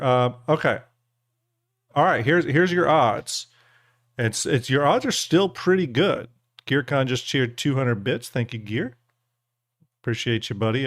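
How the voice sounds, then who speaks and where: A man's voice: mid-range voice, fairly bright tone, no echo, studio quality. A man hosting a charity livestream in casual chat, often repeating words as he thanks donors and reads out odds. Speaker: livestream host.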